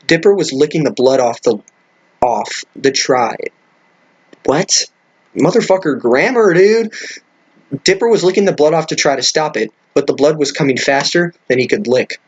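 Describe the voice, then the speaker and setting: A man's voice: medium pitch, a little fast, breathy edge, highs cut off. A man reading a crude story aloud, stumbling over words and breaking off with incredulous, swearing remarks. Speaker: comedic reader. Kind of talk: reading a fan fiction aloud with commentary.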